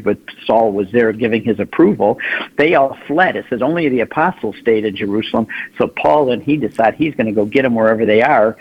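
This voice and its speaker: Husky-voiced man telling stories on radio. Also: mid-range voice. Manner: animated storyteller, acts out quoted voices. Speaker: guest, pilgrimage leader. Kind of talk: radio interview storytelling. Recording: slightly dull radio sound.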